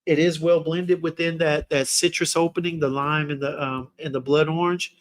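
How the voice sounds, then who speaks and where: A man's voice: fairly high pitch, little pitch movement, moderate pace. Laid-back slangy man reviewing on a livestream. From Texas. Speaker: fragrance reviewer, livestream host.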